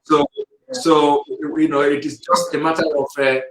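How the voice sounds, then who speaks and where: A man hosting an online talk program with call-ins, speaking in a firm, measured way. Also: fairly high pitch, steady tone, a bit bright, reverberant, poor audio. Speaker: host.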